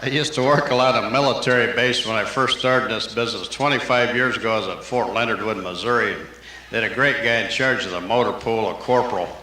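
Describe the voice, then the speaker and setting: Bright-voiced stand-up comic on old tape. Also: male voice, on the low side. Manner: rapid-fire one-liners, jumping into character voices. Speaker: stand-up comedian. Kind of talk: live stand-up joke telling. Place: live comedy venue. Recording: roomy live club tape with hiss.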